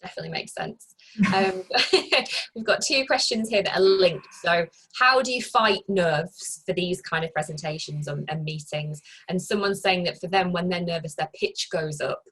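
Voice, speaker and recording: A woman moderates a webinar over a video call, reading out questions briskly and thanking the speaker. Her voice is slightly husky and sits a little low. She sounds relaxed throughout. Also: rough recording.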